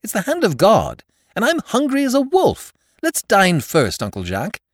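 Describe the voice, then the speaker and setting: A man voicing a cheerful, frivolous young gentleman in an audiobook. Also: a little high, huge pitch swings, normal speed, no echo, studio quality, pitched above the performer's own voice. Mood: jaunty. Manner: jaunty, laughing.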